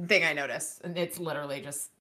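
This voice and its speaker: A woman's voice: low-pitched, fairly even intonation, fast, bright, forceful tone. A woman co-hosting a book podcast, chatting casually and reading passages aloud from the novel.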